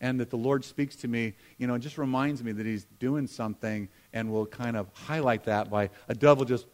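A middle-aged man preaching a sermon in a conversational way, with humorous asides, moving between emphatic lines and hushed ones. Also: medium pitch, fairly even intonation, fairly quick. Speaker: pastor.

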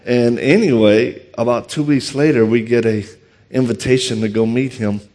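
A man with a thick Louisiana accent tells stories from a stage, quick and animated. His voice sits at an ordinary middle pitch, and he pokes fun at himself as he talks. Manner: fast, animated, self-deprecating. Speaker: martial arts instructor and speaker. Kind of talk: humorous storytelling talk. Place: on stage before an audience.

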